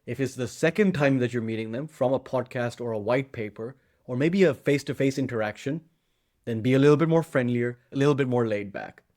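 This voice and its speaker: A man's voice: mid-range voice, brisk, darkish tone. A young man coaching on sales calls, talking in a direct, emphatic way and acting out sample lines as he teaches. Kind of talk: instructional talk to camera.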